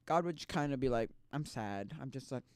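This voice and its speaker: A young man streaming casual chat, rambling and restarting, swinging between loud outbursts and quiet mumbles. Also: medium pitch, expressive, normal speed, slight background noise.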